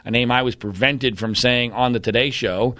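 Man, blunt and combative, mid-pitched, dry close mic. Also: steady tone, moderate pace, sharp tone, no room sound. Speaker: commentator. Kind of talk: opinionated monologue.

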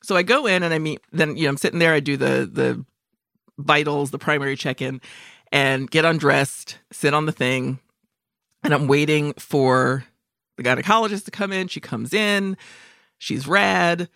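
A woman's voice: deep voice, normal speed, vocal fry, fairly bright tone, dry recording, studio quality. A woman in her forties telling a story on a podcast with plenty of profanity, acting out the other people's lines. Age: 40s. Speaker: podcast co-host. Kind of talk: casual comedic storytelling.

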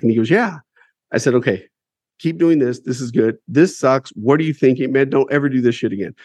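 A man's voice: mid-range voice, a little mellow, no echo. A man who runs a publishing company, telling his life story as a guest in a casual interview, candid and emphatic, swearing freely and repeating words as he builds up each point.

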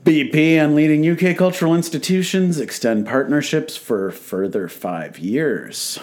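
A man's voice: on the high side, measured pace, darkish tone. A man hosting a radio talk show, reading a press release aloud with jokes, slips and self-corrections. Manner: joking, self-correcting, laughs while reading. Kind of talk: casual on-air chat reading a press release.

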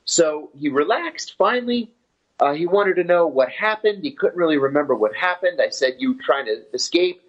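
A man telling his story in an interview in a steady, matter-of-fact way. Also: fairly high pitch, normal speed. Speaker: former intelligence officer telling his story. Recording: dull lo-fi audio.

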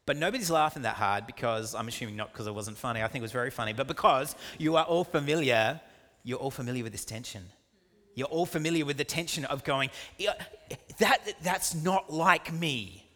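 A man preaching a sermon, animated and jokey, with quick asides and acted-out dialogues. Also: medium pitch, in a large hall. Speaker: pastor.

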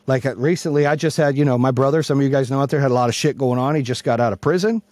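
A man hosting a podcast who gives a loud, blunt, profane motivational speech, yelling to fire up his listeners. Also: medium pitch, very fast, dry recording. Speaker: podcast host and business coach.

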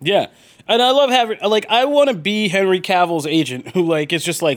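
A man's voice: high voice, brisk. A man hosting a podcast in casual chat, joking and rambling with fillers. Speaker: podcast host.

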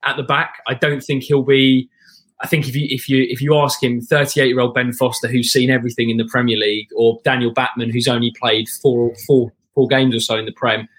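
A man talking as a guest in casual podcast chat, long-winded, with frequent restarts and throat clearing. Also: medium pitch, level tone, brisk, fairly bright tone. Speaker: guest football fan.

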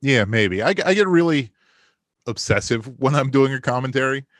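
A man's voice: mid-range voice, expressive, normal speed, fairly bright tone, no room sound, studio quality. A man in his forties from Maryland, a podcast guest telling long roundabout stories with frequent laughs. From Maryland, USA. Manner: rambling storyteller, laughs often. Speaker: podcast guest, film commentary maker. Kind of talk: casual podcast chat.

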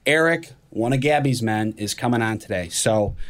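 A man's voice: medium pitch, moderate pace. A man hosting a podcast in casual chat, upbeat and joking, and a little sheepish at times. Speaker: podcast host.

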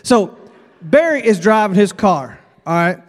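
A man from Texas, preaching at a revival and telling a folksy, animated story. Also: high voice, measured pace. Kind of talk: storytelling sermon. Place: church sanctuary. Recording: long church reverb.

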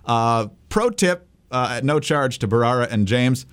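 A man's voice: medium pitch, lively intonation, a little slow, smooth. A man co-hosting a political podcast, commenting in a wry, dismissive way and reading the show's sign-off. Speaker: podcast co-host.

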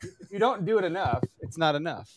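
A man's voice: a little high, dry recording. A man co-hosting a podcast, chatting casually, joking and laughing as he talks. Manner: animated, joking, quick laughs. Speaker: podcast co-host.

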